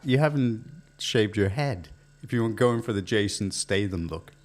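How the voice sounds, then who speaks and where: A man's voice: lowish voice, lively intonation, moderate pace. A man hosting a casual chat show, joking and laughing often with his co-host.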